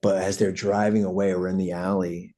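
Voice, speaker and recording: A man's voice: low-pitched, little pitch movement, a little fast, dark tone. A middle-aged man, a punk singer guesting on a podcast, telling stories in a rambling, profane way full of "like". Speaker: guest, punk band vocalist. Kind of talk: casual storytelling.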